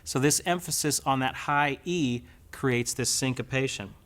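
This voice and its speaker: A man's voice: medium pitch, measured pace. A man teaching a guitar lesson step by step, patiently counting beats aloud as he plays. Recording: loud guitar under the voice. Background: his own guitar playing.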